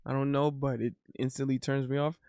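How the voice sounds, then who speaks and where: A man streaming casual banter in a playful, animated way, breaking into silly sound effects. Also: medium pitch, brisk, smooth, dry recording, clean studio sound.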